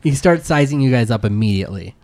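A man narrates a tabletop game as its game master, easygoing and chatty. His voice sits at a middle pitch and is recorded close and dry. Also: quick pace, no room sound. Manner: relaxed, filler-heavy narration with voiced asides.

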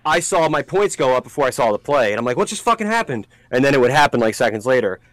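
A man co-hosting a casual podcast, telling a story in a profane, animated way with sudden shouted outbursts. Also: medium pitch, fast, no echo, low-quality recording. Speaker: podcast co-host.

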